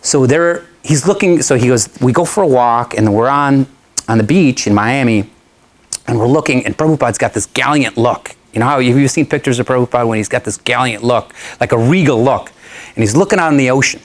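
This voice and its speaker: A man speaks to an audience as a guest, telling a long personal story. His voice sits in an ordinary middle pitch. He talks in a loose, chatty, animated way and breaks into laughter often. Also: brisk.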